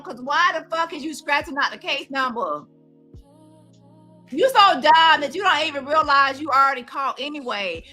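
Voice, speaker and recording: High, bright-voiced woman ranting. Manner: profane, confrontational, calls out. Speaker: commentary host. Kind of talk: heated commentary rant.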